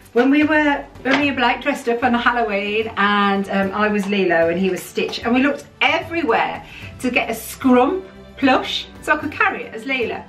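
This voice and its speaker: A woman talks chattily and excitably, her pitch sitting a little high and swinging widely. She sounds a bit distant from the mic in a roomy space. Soft music plays faintly underneath. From United Kingdom. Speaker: vlogger. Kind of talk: casual chat while unboxing.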